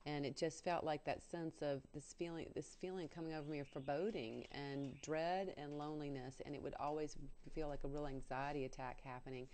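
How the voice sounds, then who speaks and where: Low-voiced woman telling a halting story. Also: fairly even intonation, a little mellow, a little hiss or hum. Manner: halting, many fillers and restarts, earnest. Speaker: spiritual guest telling her story. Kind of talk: personal storytelling on radio.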